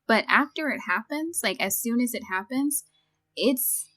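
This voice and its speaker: A woman's voice: a little high, lively intonation, a little slow, pushed and bright. A woman co-hosting a podcast, casually discussing a film and retelling its scenes with quoted lines. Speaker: podcast co-host.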